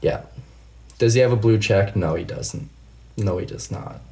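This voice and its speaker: A man with a somewhat low voice talks on his own livestream, chatting loosely with viewers and answering their comments. He falls into heated, profanity-laden rants, swearing freely as he goes. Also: moderate pace, creaky, darkish tone. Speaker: livestream host. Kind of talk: casual livestream chat, reading comments.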